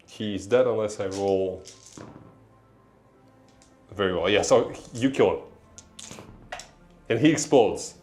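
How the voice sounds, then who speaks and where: A man's voice: lowish voice, takes it slowly, pauses often, darkish tone, faint music behind. A man with a Russian accent calling a tabletop battle casually, laughing often and correcting his own counts. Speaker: tabletop game player. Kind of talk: casual battle report play-by-play.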